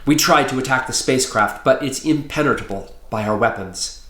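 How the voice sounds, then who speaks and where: A man reading aloud voices a steady, gruff military father who speaks in a calm, clipped way. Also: mid-range voice, a little fast, echoey room, natural voice. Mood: grave.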